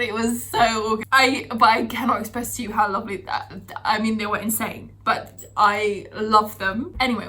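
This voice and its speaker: A young woman from the UK telling stories from her year abroad in a chatty vlog style, full of fillers. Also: fairly high pitch. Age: young adult. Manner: chatty, animated, lots of fillers. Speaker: vlogger. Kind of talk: casual storytelling.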